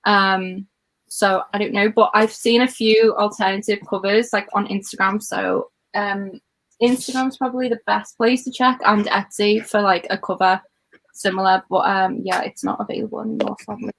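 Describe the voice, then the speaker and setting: A woman's voice: medium pitch, little pitch movement, moderate pace, vocal fry, fairly bright tone. A young woman from near Liverpool with a northern English and Scouse accent, chatting casually on a livestream and filling her talk with "like" and "um". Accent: mix of northern English and Scouse. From North West England, near Liverpool. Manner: chatty, says "like" and "um" often. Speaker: host.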